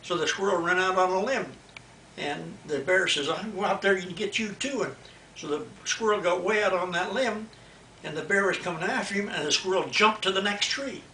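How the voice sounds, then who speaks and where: An older man tells a bedtime story to a grandchild in a folksy, repeating rhythm, his voice fairly high. He sits far from the mic in an echoey room. Faint noise runs behind him. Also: normal speed, pushed and bright.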